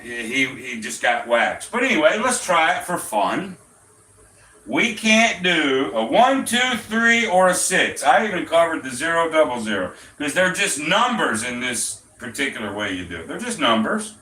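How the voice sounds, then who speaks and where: Pitched on the high side with big swings and a sharp edge, a gambling show host talks at a moderate pace. He explains roulette betting as casual instruction, blunt, chatty and profane, recorded roomy and distant with faint ambience.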